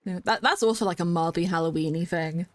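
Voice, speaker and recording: A young woman streaming a game and chatting casually with her viewers, rambling with lots of fillers and restarts and breaking into excited greetings. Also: on the low side, fairly quick.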